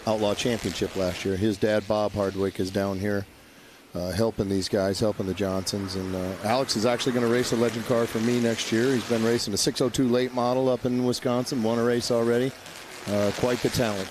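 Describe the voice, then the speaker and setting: Man, color commentator, lower voice, anecdotal, outdoor track noise. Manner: anecdotal, relaxed storyteller. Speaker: race commentator. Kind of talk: live race commentary.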